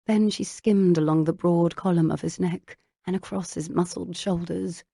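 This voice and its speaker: A woman reading a romance audiobook in a slow, intimate, hushed narration style. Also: fairly low pitch, creaky, breathy edge, no room sound, studio quality.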